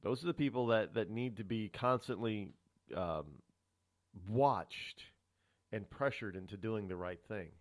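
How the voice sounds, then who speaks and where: A man hosting a radio talk show, rambling through a solo monologue of political commentary with many restarts. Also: measured pace. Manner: rambling, restarts often, animated pitch swings. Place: radio studio.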